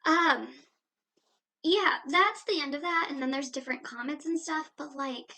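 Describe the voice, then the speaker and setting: A young woman in her late teens, chatting casually in a home reaction vlog, telling a story with animated exasperation. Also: high voice, a little slow. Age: young adult. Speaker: vlogger. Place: indoors at home.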